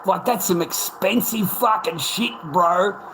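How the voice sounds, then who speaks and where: Middle-aged man, high sharp voice, ranting and swearing at his stream chat, every line ending in "mate". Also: a little slow, a little hiss or hum, rough recording. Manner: swearing, repeats "mate" constantly. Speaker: live streamer. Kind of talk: angry live-stream rant.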